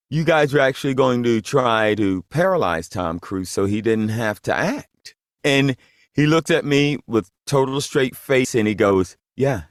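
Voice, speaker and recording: A man telling an amused, relaxed anecdote. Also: mid-range voice, no room sound, studio quality. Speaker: actor telling a story.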